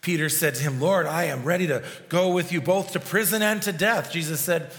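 Pastor guy preaching, kinda high voice, lots of uh's and restarts, echoey hall. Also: a little fast. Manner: prays softly, then preaches with restarts and fillers. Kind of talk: sermon.

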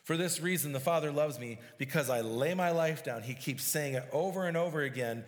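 Guy preaching in a big echoey church, kinda high voice, leans hard on the scripture bits. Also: fairly quick. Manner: expository, emphatic, reads and explains scripture verse by verse. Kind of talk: sermon. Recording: long hall reverb.

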